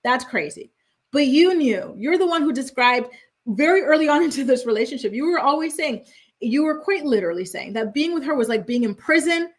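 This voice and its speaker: A young woman with a slightly high voice recaps reality TV as host, chatty and opinionated. She talks fast and loose, throwing in exasperated asides. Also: expressive.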